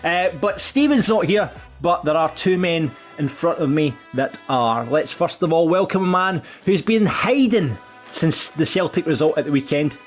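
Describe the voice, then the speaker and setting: Jokey podcast host. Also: male voice, a little high, lively intonation, normal speed, faint music behind. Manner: jokey, teasing introductions. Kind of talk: casual podcast hosting.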